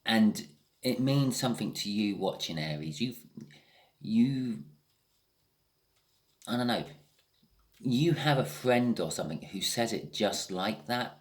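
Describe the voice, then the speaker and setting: A man's voice: on the low side, animated, slow, pauses often. A man giving a casual tarot reading, thinking aloud with frequent restarts and the odd swear word. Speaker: tarot reader.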